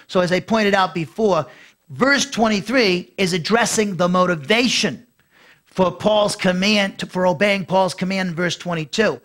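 A middle-aged man teaches a Bible lesson as pastor, his voice sitting fairly high for a man. He talks in a loose conversational way, full of fillers and false starts. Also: moderate pace, fairly bright tone. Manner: conversational with frequent fillers and restarts.

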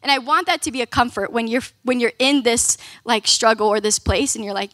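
A woman's voice: a little high, fairly even intonation, a little fast, few pauses, a bit bright, no room sound. A young woman giving a casual, conversational youth sermon, often saying "like" and "right?". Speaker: youth ministry speaker.

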